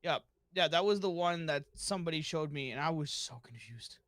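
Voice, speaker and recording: A man's voice: fairly high pitch, lively intonation, fairly quick, fairly bright tone, no echo. A man co-hosting a podcast in casual chat, stammering a little and laughing easily. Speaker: podcast co-host.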